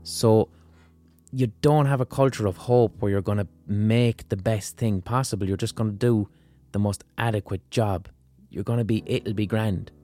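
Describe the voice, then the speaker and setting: A man's voice: on the low side, steady tone, moderate pace, mellow, faint music behind. An Irish man hosting a podcast, explaining things in a blunt, casual, sweary monologue. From Limerick, Ireland. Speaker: podcast host.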